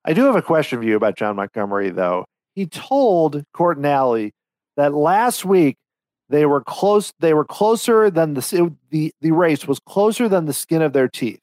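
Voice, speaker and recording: Animated rambling man on a podcast. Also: on the high side, moderate pace, no room sound, low-quality recording. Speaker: podcast co-host. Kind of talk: casual chat.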